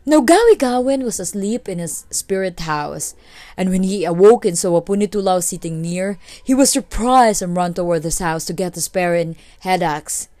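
A woman's voice: lowish voice, moderate pace, no room sound. Woman reading a folk tale aloud. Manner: steady, clear read-aloud. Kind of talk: storytelling narration.

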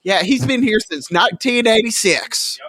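A man's voice: sits high, lively intonation, moderate pace, sharp tone. A man hosting a loose podcast chat, laughing often and steering the show along. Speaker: podcast host. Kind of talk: casual chat.

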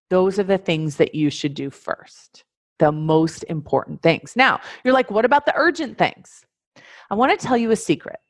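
A life coach leads an instructional webinar in a mid-range female voice, captured as a dry, clean studio recording. She speaks emphatically, repeats her key phrases, and addresses her listeners directly.

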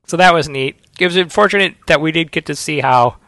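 Male podcast co-host, gravelly, upbeat fan energy, dry close mic. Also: on the high side, fast talker, bright, forceful tone, no echo. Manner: enthusiastic fan, playful sound effects. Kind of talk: casual chat.

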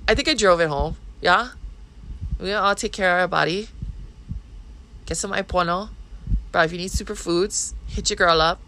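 A woman's voice: on the low side, normal speed, pauses often, sharp tone, slight background noise, low-quality recording. A woman in her thirties with a Hawaiian Pidgin accent, hosting a podcast in a blunt, profane, rambling monologue. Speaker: podcast host. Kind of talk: casual monologue.

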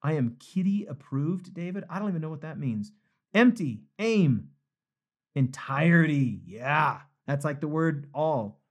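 A man's voice: a little high, animated, a little slow. A male pastor hosting a live-streamed book study. He reads viewer comments aloud, reacts to them cheerfully, and closes with an earnest prayer. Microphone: phone livestream.

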